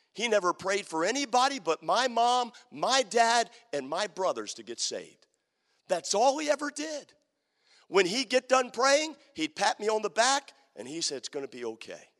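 A man preaching a sermon as a story, turning dramatically from loud to hushed. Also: high voice. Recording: long reverb of a large hall.

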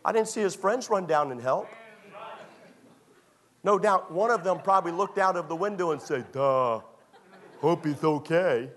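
A male pastor preaches a sermon to young people in a church, his voice sitting high and a bit bright, at a moderate pace with long pauses. He retells a story conversationally, repeating phrases and acting out small scenes.

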